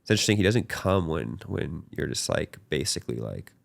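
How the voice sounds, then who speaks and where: Deep gravelly man in earnest faith chat. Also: brisk, dry recording. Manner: earnest, animated, talks with his hands in quoted voices. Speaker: podcast host.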